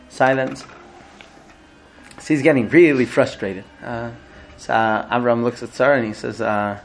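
A man teaching a class in a conversational way, telling an illustrative story with frequent hesitant pauses. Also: mid-range voice, steady tone, creaky, a little hiss or hum. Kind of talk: storytelling lecture.

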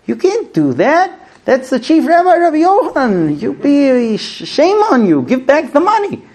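A man playing a burly former bandit turned sage, yelling indignantly in a strained high voice. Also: huge pitch swings, normal speed, exaggerated voice. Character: burly ex-bandit male sage, fierce and blunt.

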